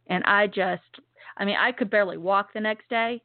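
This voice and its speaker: A woman's voice: mid-range voice, fairly even intonation, no room sound. Earnest woman giving testimony, phone-like. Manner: earnest, repetitive, slows down for emphasis. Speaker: speaker giving a religious testimony. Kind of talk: emotional personal testimony. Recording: dry tinny phone-like sound.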